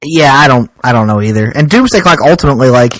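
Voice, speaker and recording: A man's voice: mid-range voice, animated, fast talker, fairly bright tone, slight background noise, low-quality recording. A man co-hosting a casual comic book podcast, tossing out sarcastic, grumbling asides. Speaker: podcast co-host.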